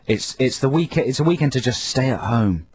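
A man's voice: mid-range voice, expressive, moderate pace, a little mellow. A man co-hosting a radio show, bantering in a dry, teasing way.

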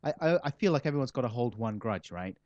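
A man's voice: mid-range voice, lively intonation, fast, darkish tone, no echo. Wry rambling man, muffled dry sound. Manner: rambling, self-mocking, wry. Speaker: comedian interviewee. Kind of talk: casual interview chat. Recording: slightly muffled dry recording.

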